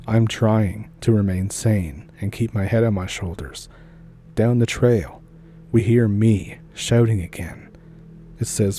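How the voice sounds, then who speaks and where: A man narrating a first-person horror story as the channel host, in a steady, deliberate way. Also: fairly low pitch, a little hiss or hum.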